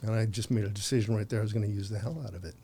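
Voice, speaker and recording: A man's voice: lowish voice, fairly even intonation, very fast, dark tone, husky. Laughing, rambling man in his sixties. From United States. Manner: rambling storyteller, frequent laughs and restarts. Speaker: podcast guest, photographer. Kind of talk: conversational anecdote.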